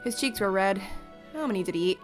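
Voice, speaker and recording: A woman's voice: mid-range voice, fast talker, soft background music. A woman streaming a let's play, reading a story game's text aloud in the first person and reacting with her own comments. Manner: animated, exclaims and laughs at the story.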